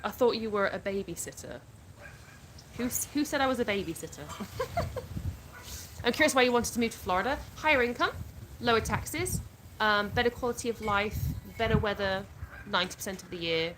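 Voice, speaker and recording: Woman, 30s, livestream host, casual chat, reads viewer comments aloud, middle pitch, phone mic, background noise with clicks. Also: animated, normal speed, pauses often, fairly bright tone, low-quality recording. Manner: chatty, reads out viewer comments and answers them.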